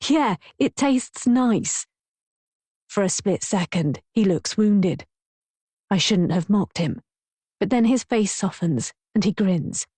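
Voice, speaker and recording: A woman narrates a first-person audiobook with a wry, sardonic edge. Her voice sits at an ordinary middle pitch and the recording is close and dry, with no room sound. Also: measured pace, mellow, husky, no room sound.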